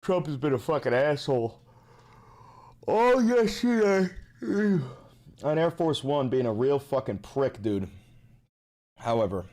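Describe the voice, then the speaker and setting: A man's voice: mid-range voice, darkish tone. Profane, sarcastic male livestream ranter. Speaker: live streamer and political commentator. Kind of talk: casual livestream commentary.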